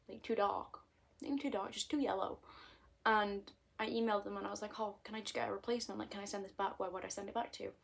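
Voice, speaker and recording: A woman's voice: medium pitch, creaky, husky. A woman in her twenties with a British accent, chatting casually and self-mockingly to camera from her bedroom, hopping between topics. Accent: British English. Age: 20s. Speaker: vlogger.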